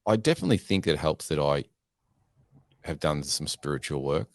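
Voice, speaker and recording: A man speaks with an extremely deep, tired voice that sounds worn from lack of sleep. He talks quietly and candidly in a measured way, and the recording is very dry and close. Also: expressive, dry recording. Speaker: podcast guest. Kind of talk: casual conversation.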